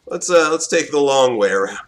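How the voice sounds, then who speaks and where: A young man giving live gameplay commentary, excitable, swinging between loud outbursts and low mutters. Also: a little fast. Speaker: gaming commentator.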